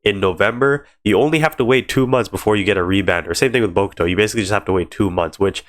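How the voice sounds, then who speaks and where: A man's voice: fairly low pitch, fast talker, fairly bright tone. A man with a congested voice, chatting casually to his channel about a game's upcoming banners. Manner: chatty, explains step by step with many "so" and "again". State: congested from allergies. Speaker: gaming YouTuber. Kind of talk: casual game news talk to camera.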